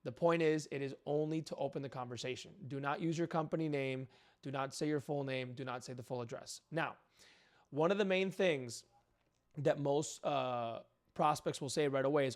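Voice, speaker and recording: A man's voice: fairly high pitch, normal speed. A man coaching real estate agents, talking directly and acting out sample phone calls. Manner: direct and emphatic, acts out phone scripts. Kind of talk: coaching monologue with role-played cold calls.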